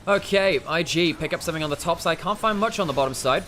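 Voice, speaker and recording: An English man commentating a live esports match, breaking down plays with quick analysis and dry humour. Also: on the high side, a bit bright, a little hiss or hum. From England.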